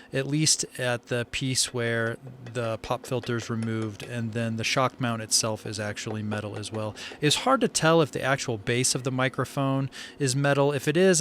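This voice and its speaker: A man's voice: mid-range voice, smooth. A man giving a casual, step-by-step spoken review of a microphone. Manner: relaxed, conversational, explaining step by step. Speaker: tech reviewer.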